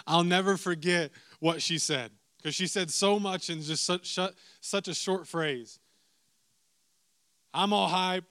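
A man's voice: sits high, fairly bright tone, clean tone, dry recording. A young adult man preaching a sermon, telling a story with lots of repeated asides to the listeners. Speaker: pastor.

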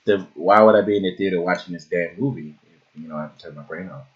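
A man co-hosting a casual podcast chat, animated and swearing, breaking into loud laughs. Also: sits low, quick pace, muffled recording. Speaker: podcast co-host.

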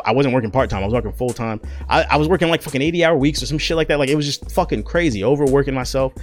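A young man and content creator telling a personal story in a casual, profane, slangy way. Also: mid-range voice.

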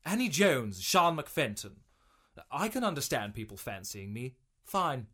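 A pompous vain writer. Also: male voice, mid-range voice, very animated, measured pace, bright, forceful tone, breathy edge, exaggerated voice. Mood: languid. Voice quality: pompous, theatrical. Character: vain pompous male writer, self-important. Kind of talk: radio sitcom acting.

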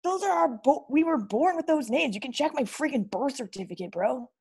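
A woman's voice: sits high, lively intonation, brisk, a little mellow. Woman playing a cocky teenage boy breakdancer. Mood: boastful. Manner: slangy, boastful, calls people bro. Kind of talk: improv comedy interview.

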